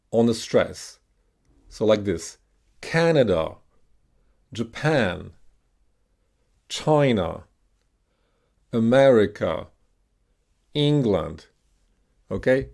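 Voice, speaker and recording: Slow, gravelly male pronunciation teacher. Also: mid-range voice, a little mellow. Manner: patient, deliberate, stretches words out to model stress. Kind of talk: slow instructional lesson with repeat-after-me drills.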